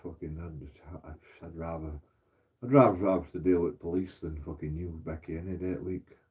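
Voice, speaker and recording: Rambling, swearing English man with a dark voice. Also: low voice, normal speed. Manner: rambling, profane, laughs at himself. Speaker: streamer. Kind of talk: casual rant to viewers.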